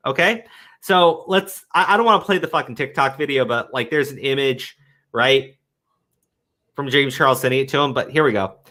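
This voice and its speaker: A commentary show host talks heatedly on his stream in a casual chat, swearing often and repeating words as he goes. His voice is medium-pitched and sharp, at a moderate pace.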